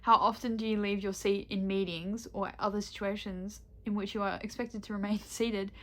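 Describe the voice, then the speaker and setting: A woman's voice: medium pitch, fairly even intonation, normal speed, fairly bright tone. A young woman vlogging in casual chat, candid and rambling, swearing freely and laughing often.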